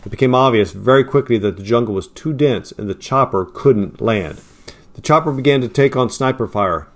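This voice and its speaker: A man reading a war story aloud as narrator, in a plain storytelling manner. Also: normal speed. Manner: raises pitch and volume for quoted lines, drops low and quiet for tags.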